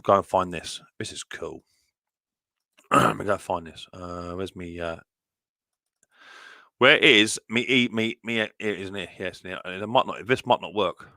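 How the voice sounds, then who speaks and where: A man's voice: on the low side, bright, forceful tone, dry recording. A middle-aged man hosting a live stream from home, chatting cheerfully with viewers and reading their comments aloud. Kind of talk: casual live stream chat.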